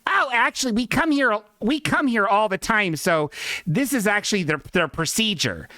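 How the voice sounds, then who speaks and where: A man's voice: high voice, lively intonation, moderate pace, pushed and bright, no room sound, clean studio sound, pitched above the performer's own voice. A man voicing a rude, entitled woman who cuts in line, whiny and baffled. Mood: indignant.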